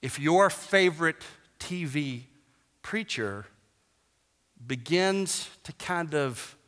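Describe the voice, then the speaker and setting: Man preaching a sermon, bright forceful tone, emphatic with joking asides, long hall reverb. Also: medium pitch. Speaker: pastor.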